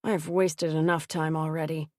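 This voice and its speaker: A woman's voice: level tone, normal speed, a little mellow, no room sound, clean studio sound, close to an everyday voice. A woman voicing a bitter young man who holds a gun and talks through his teeth. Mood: grim. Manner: low, clipped and hissing.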